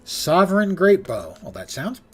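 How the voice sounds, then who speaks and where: A man's voice: sits high, very animated, a little slow, fairly bright tone, husky, faint music behind. An older man giving wry, rambling live-stream commentary on a game, swearing casually and saying he is losing his voice.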